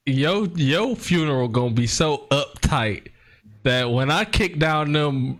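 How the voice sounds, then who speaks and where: A young man hosts a casual podcast with a bright, lively voice that swoops up and down. He jokes crudely, teases his friends and breaks into loud laughter, taking his time with his words. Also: a little high. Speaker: podcast host.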